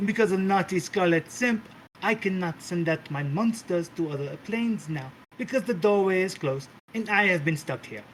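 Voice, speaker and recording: Flamboyant, foul-mouthed mother goddess with a temper, put on by a man, theatrical and raised in pitch. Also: fairly bright tone, slight background noise. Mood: gushing. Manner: theatrical, gushing, swears, calls everyone darling.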